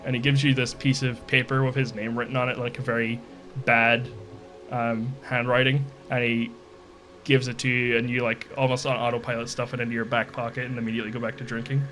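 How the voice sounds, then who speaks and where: A man's voice: mid-range voice, flat delivery, a little fast, sharp tone, soft background music. A man narrating a tabletop game as its dungeon master, in a loose, rambling way with many fillers.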